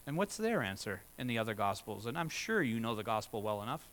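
A man's voice: mid-range voice, animated, normal speed, in a large hall. A man pastor preaching a sermon in a church, asking his listeners rhetorical questions and building to emphatic passages.

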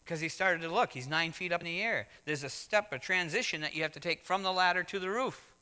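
A man preaching a sermon as pastor, swinging from hushed words to loud exclamations. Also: high voice, a little fast. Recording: long hall reverb.

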